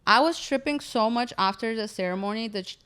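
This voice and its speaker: Animated woman telling a wild story. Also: on the high side, brisk, smooth. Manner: animated, acts out quotes. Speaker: comedian guest. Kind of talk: casual storytelling chat.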